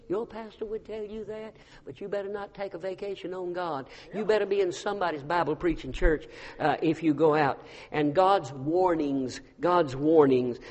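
A man preaches a storytelling sermon. He drops to a hush, then rises to a loud cry. His voice rings with the long reverb of a big church hall. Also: sits high. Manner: storytelling, swinging from hushed to loud. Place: church sanctuary.

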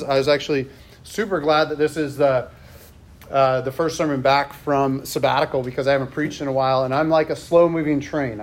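A middle-aged male pastor giving a sermon in a church, telling a personal story in a conversational way with self-deprecating asides. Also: on the high side.

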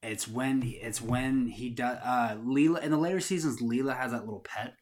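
A man co-hosting a casual podcast chat, retelling a story in a rambling way with halting restarts. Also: medium pitch. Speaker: podcast co-host.

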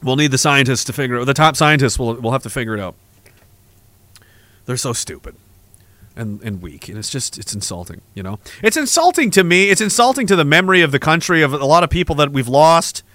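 A man's voice: medium pitch, very animated, brisk, a bit bright, no room sound. A man hosting a podcast, ranting in an angry, profane, sarcastic way. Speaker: podcast host.

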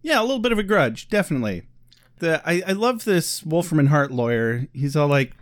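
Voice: medium pitch, big pitch swings, dry recording, clean studio sound. A podcast co-host recapping a TV episode in casual, joking chat. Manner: joking, playful, quick to laugh.

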